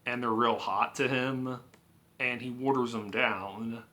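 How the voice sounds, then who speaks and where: A man's voice: medium pitch, fairly even intonation, slow pace, sharp tone. A man giving a casual, rambling spoken movie review, with frequent filler words and restarts. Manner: rambling, full of "you know" and "like". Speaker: film reviewer.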